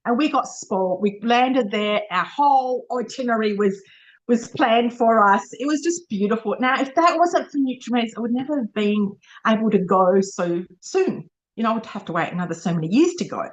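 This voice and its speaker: A woman's voice: fairly high pitch, animated, moderate pace, muffled recording. A middle-aged Australian woman giving an informal motivational talk as a sales director. She is chatty and emotional, laughs often, and repeats and corrects herself as she speaks.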